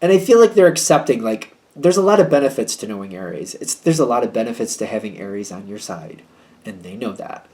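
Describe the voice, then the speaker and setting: A man's voice: lowish voice, expressive, fairly quick, darkish tone. A man giving a casual tarot reading to his viewers, chatty and hedging, with a wry, slightly snippy tone. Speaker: tarot reader.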